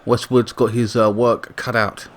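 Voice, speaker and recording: Gaming commentator, male, middle pitch, chatty with sudden excited bursts, light noise under the voice. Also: unhurried. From Britain. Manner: excitable bursts on attacks, chatty asides and self-corrections. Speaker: gaming YouTuber commentating a football sim. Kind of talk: casual play-by-play game commentary.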